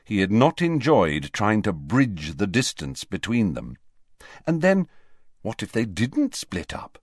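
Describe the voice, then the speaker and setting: A man narrating an audiobook with expressive storytelling. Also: fairly low pitch, a little slow, husky, dry recording, studio quality.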